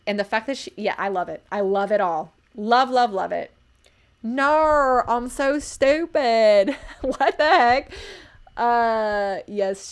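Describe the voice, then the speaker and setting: A young woman chatting on a live stream, full of gushing enthusiasm and filler words. Her pitch sits in an ordinary middle range. She reads bits aloud and then breaks into eager, rambling reactions. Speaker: livestream book reviewer. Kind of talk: casual live-stream commentary.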